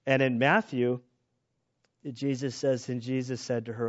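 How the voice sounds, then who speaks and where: A male pastor delivers his sermon in an easygoing, lively way, often breaking off and restarting his sentences. He jokes about himself, and his voice sits at an ordinary middle pitch. The recording sounds slightly dull and lo-fi. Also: measured pace. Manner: casual, animated, self-deprecating jokes, many restarts.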